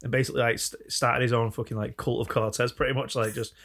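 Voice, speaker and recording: Animated lad telling stories. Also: male voice, mid-range voice, fast. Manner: swearing, animated storytelling with put-on voices. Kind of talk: casual banter.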